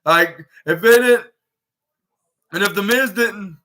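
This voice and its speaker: A man's voice: high-pitched, slow pace, bright, forceful tone. A young man hosting a podcast, recapping a wrestling show in a rambling way and acting out the quoted lines. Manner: rambling, many restarts, acts out quoted lines. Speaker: podcast host.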